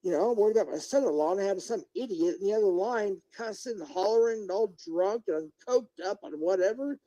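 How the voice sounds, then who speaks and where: A man's voice: high-pitched, lively intonation, normal speed, warm tone, highs cut off. A middle-aged man live-streaming as a YouTuber, ranting indignantly and talking straight to his viewers and chat. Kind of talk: unscripted livestream rant.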